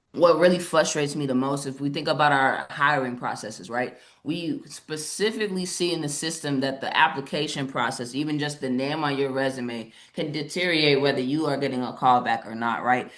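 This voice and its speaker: A woman's voice: deep voice, a bit bright. A woman co-presenting an online session over a video call, speaking passionately and emphatically and often tagging her points with "right?". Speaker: webinar co-presenter. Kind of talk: live online presentation discussion.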